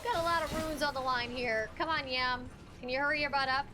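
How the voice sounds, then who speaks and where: A woman streaming a game live from home, reacting with excitable, alarmed exclamations as she plays. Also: high-pitched, brisk, noisy background. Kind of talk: live gameplay commentary.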